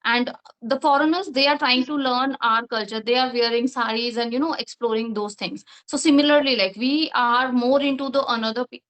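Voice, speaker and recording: A woman's voice: a little high, steady tone, moderate pace, fairly bright tone, poor audio. A woman with an Indian English accent, a guest advocate who gives her opinions confidently in a casual discussion. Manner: confident, opinionated, some fillers.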